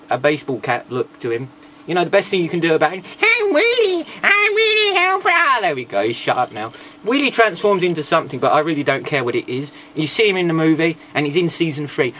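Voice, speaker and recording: A man's voice: on the high side, fairly bright tone, a little hiss or hum. A man giving a casual toy review, rambling, with irreverent and sarcastic asides.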